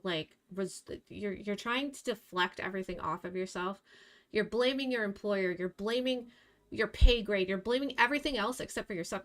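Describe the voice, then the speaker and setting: A woman's voice: medium pitch, a bit bright. A young woman streamer ranting bluntly at her chat, scolding and exasperated, swearing freely. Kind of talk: live stream rant at chat.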